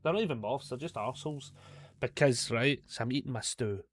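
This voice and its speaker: A man's voice: mid-range voice, dry recording, studio quality. A man with a Scottish accent chatting casually through a live gameplay stream, swearing often and joking at his own mistakes. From Scotland. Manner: chatty, swears a lot, quick to self-mockery. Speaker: gaming streamer.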